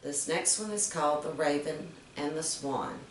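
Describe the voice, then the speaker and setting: A woman reading fables aloud to children, gently explaining each moral with questions to her listeners. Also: low-pitched, normal speed, slight background noise. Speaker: storyteller. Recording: roomy, distant mic.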